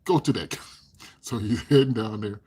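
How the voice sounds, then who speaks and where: A man's voice: fairly low pitch, moderate pace, mellow, slightly rough. A man casually telling stories on a live stream, chuckling often and acting out other people's lines. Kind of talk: casual storytelling.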